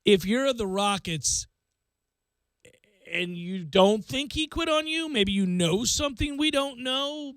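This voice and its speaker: A man hosting a sports talk radio show, ranting in an animated way and acting out imagined speeches. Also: very high voice, clean tone, no room sound. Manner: animated, fast, acts out hypothetical speeches.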